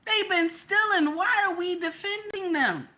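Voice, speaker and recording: A woman with a high, bright voice rants on a livestream at an unhurried pace. She's animated and profane, asking rhetorical questions and repeating them for emphasis while speaking straight to chat viewers.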